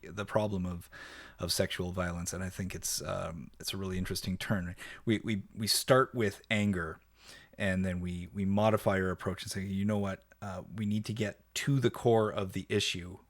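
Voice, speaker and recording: A man with a fairly low voice gives a casual music review. He talks with open enthusiasm, stopping and restarting his sentences and filling the gaps with ums and uhs. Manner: enthusiastic, halting with many fillers and restarts. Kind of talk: casual reaction commentary.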